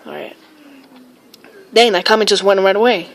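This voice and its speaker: A woman's voice: mid-range voice, animated, moderate pace, pauses often, slight background noise. A woman live-streaming, rambling and exclaiming often while reading viewer comments. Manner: rambling, filler-heavy. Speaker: livestream weather vlogger.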